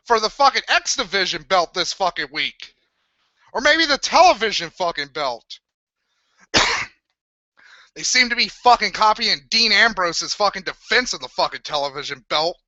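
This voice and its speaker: A young man hosting a live wrestling review, swearing constantly and ranting with loud, crude sarcasm. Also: high voice, sing-song, normal speed, no echo. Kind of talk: profane live review rant. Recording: dull lo-fi sound.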